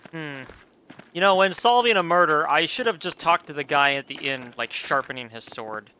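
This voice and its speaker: A man giving sweary, animated gameplay commentary with laughing asides. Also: fairly high pitch, moderate pace, a little hiss or hum. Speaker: let's play streamer.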